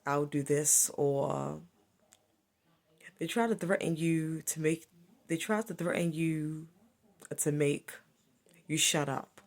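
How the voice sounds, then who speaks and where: Low gravelly woman, slow and emphatic. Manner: repetitive, emphatic, accusing. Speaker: spiritual vlogger. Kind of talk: solo spiritual monologue.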